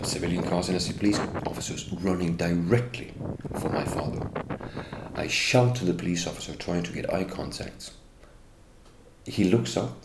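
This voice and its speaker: A middle-aged man speaks English in a very low, gravelly voice. He tells his account with bitter indignation and keeps turning to accuse the people he blames. The sound is roomy and echoey, with faint ambience behind him. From Norway. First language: Norwegian. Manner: indignant, bitter, addresses the police directly. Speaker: interviewee. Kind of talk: first-person account.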